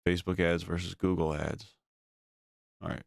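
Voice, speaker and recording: A man with a very low voice riffs sarcastically while watching videos on stream, swearing freely and mocking what he sees. The sound is dry and close, with almost no room in it. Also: little pitch movement, moderate pace, vocal fry, no room sound. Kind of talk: casual profane reaction commentary.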